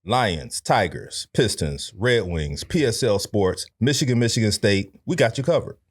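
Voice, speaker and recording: A man from Detroit hosting a sports podcast, casual and animated. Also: on the low side, measured pace. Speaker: podcast host.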